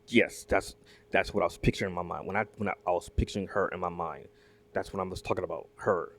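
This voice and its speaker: Deep-voiced man rambling. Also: quick pace, a bit bright, slight background noise. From Southern United States. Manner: rambling, many "like"s and restarts, asks viewers questions. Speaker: reaction video host. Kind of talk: casual commentary, reacting to a video.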